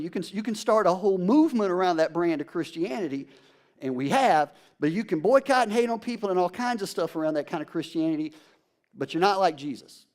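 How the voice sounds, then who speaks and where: Animated, high-voiced male pastor preaching. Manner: animated, emphatic, conversational preaching. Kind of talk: sermon.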